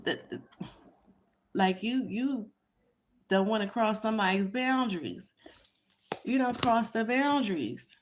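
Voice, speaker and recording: A woman's voice: on the high side, lively intonation, unhurried, long pauses, a little hiss or hum. A woman giving a casual tarot reading commentary, talking in an emphatic, repetitive way and chuckling at her own remarks. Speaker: tarot reader.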